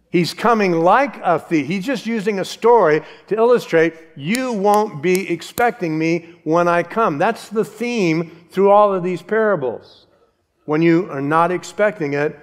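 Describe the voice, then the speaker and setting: A man's voice: on the high side, in a large hall. An older man, a pastor, giving a sermon in a conversational, humorous way. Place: church sanctuary.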